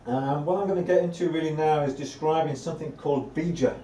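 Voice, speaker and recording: A warm, mellow male voice, a little high and fast, belongs to a spiritual teacher talking to a live audience in an indoor room. He is earnest and repeats key words to give them weight. The mic picks him up from afar in an echoey room, with a faint ambient hum underneath.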